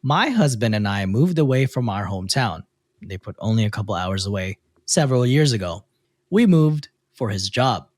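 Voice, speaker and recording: A man's voice: fairly low pitch, normal speed, no room sound, studio quality. A man hosting a casual podcast, reading posts aloud and breaking off to comment to his co-hosts. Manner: reads posts aloud with lively asides.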